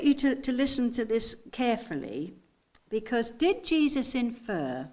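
A woman preaching a sermon, reading scripture slowly with emphasis and asking her listeners rhetorical questions. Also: mid-range voice, darkish tone. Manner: slow, deliberate delivery with emphatic scripture readings. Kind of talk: sermon teaching.

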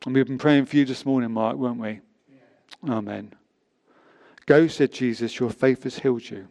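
Gravelly-voiced man preaching a sermon. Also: medium pitch, moderate pace, darkish tone. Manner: reads scripture aloud with emphatic rises and drops.

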